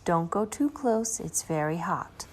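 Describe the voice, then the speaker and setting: A woman voicing a cheerful old granny with a magic bag, fond and brisk with the children, for a storybook reading. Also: on the low side, animated, darkish tone. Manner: fond, brisk, calls the children her bonny darlings.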